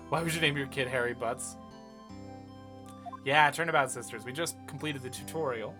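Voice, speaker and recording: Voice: medium pitch, normal speed, pauses often. A streamer chatting casually and reacting with joking asides while playing a game. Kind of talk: casual let's-play commentary. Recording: game music underneath.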